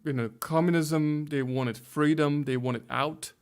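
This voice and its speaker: A man's voice: fairly high pitch, fairly even intonation, unhurried, smooth. Hungarian-accented man in his fifties. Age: 50s. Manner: careful, searching for English words with many restarts. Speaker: guest, pastor. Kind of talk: conversational interview.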